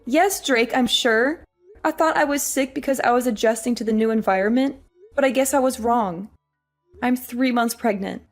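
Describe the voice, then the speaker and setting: An actress playing an exhausted young working wife, weary and pleading. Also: female voice, on the high side, moderate pace, soft background music, close to an everyday voice. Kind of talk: audio drama acting.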